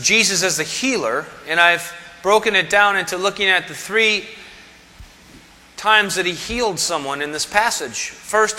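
A man's voice: sits high, bright, forceful tone, long reverb tail. A man preaching a sermon as pastor, conversational and full of rhetorical questions.

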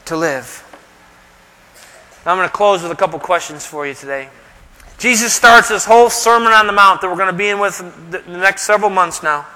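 A man's voice: high voice, pushed and bright, long reverb tail. A middle-aged male pastor preaching a sermon in a conversational, emphatic way, full of rhetorical questions.

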